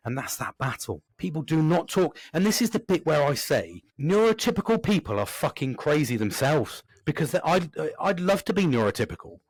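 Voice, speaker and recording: Sweary, animated man in casual chat. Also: moderate pace, hardly any pauses, slightly rough, dry recording. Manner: swears constantly, animated and rambling; acts out inner voices with big jumps in pitch. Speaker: podcast host.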